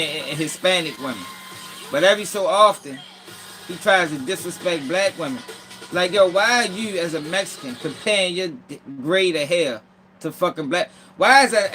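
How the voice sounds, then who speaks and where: Laughing high-voiced commentary host. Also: male voice, low-quality recording. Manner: laughing, profane, animated. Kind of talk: casual commentary chat. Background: music.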